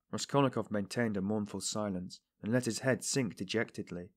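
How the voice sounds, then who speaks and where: A man narrating a novel as an audiobook in a measured, subdued way. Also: lowish voice. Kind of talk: scripted narration.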